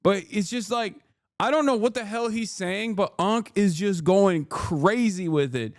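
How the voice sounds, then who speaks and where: Rambling male streamer, slightly high voice. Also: measured pace, dry recording, studio quality. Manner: rambling, heated and jokey, talks to his chat. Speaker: livestream host. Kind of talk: casual livestream commentary.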